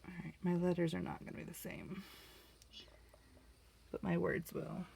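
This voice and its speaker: A middle-aged woman chatting casually as she paints at home, self-mocking and quick to laugh. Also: fairly low pitch, little pitch movement, gravelly, dark tone, a little hiss or hum. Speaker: art vlogger. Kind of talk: casual crafting tutorial chat.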